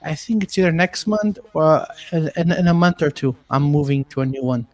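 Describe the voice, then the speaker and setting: Hesitant, rambling man, higher voice. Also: expressive, fairly quick, darkish tone, no room sound. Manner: hesitant, rambling with many fillers. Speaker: comedian and podcast co-host. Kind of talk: casual chat on a live video show.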